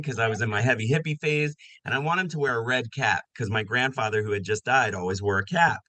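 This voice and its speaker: This is a man in his fifties, a guest on a podcast, talking casually about his life. His voice is bright and forceful at an ordinary pitch. He tells stories with energy and slips into the voices of people he quotes, recorded dry and close. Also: fast, few pauses, no room sound, rough recording. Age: 50s. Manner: animated storyteller who acts out quoted voices. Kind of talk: casual storytelling interview.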